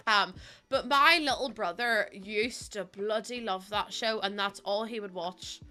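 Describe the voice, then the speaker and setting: A woman's voice: mid-range voice, measured pace, pushed and bright, faint music behind. A young woman live streaming, chatty and giggly as she greets viewers, sounding sniffly and close to tears. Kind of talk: casual live-stream chat.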